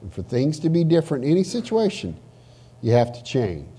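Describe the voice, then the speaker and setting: A pastor preaching a sermon in church, animated, swinging from loud emphasis to hushed asides. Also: male voice, a little high, brisk, slightly rough. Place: church sanctuary.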